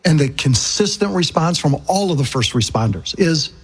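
A man's voice: fairly high pitch, expressive, moderate pace, husky. A man appearing as a guest on a radio interview, speaking earnestly and from the heart.

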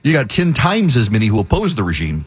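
Breathless talk radio host. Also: male voice, mid-range voice, wildly swooping pitch, quick pace, breathy edge. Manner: rambling, conversational, wry asides.

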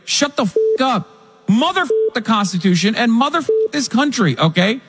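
Played clip: high-voiced man with a husky rasp, crude and mocking, in a reverberant room. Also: very animated, normal speed, fairly bright tone. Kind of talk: profane ranting.

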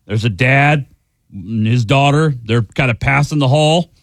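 A man's voice: medium pitch, measured pace, no echo. A man in his forties, a radio co-host, telling a funny story in casual banter and mimicking other voices.

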